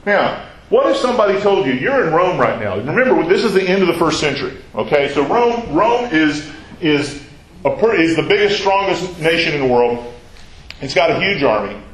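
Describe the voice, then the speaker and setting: Male Bible teacher, slightly high-pitched, conversational with audience questions, echoing hall. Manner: asks the audience questions, chatty asides.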